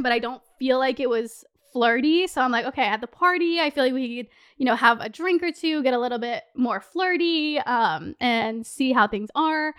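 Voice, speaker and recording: A woman's voice: high voice, fairly bright tone, clean tone. A young woman in her twenties hosting a podcast, telling a story in a chatty way, swearing often and saying "like" a lot. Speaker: podcast host. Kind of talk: casual storytelling.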